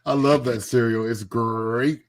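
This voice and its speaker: A man hosting a podcast in casual chat, loud and laughing, swearing freely. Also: medium pitch, steady tone, measured pace, slight background noise. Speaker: podcast host.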